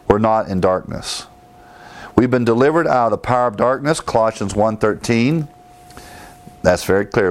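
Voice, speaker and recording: Man preaching an emphatic Bible sermon. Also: lowish voice. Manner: emphatic, repeats key phrases, cites verses.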